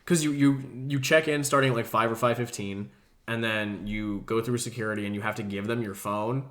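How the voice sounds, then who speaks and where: A man's voice: on the low side, steady tone, a little fast, fairly bright tone. A young man co-hosting a podcast, telling a long, rambling story in casual chat and swearing freely. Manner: acts out quoted voices. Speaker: podcast co-host.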